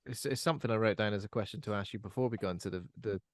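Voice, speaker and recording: A man hosting a podcast who asks a guest a question in a halting way, with fillers and restarts. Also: lowish voice, no room sound, clean studio sound. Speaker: podcast host. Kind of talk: casual chat.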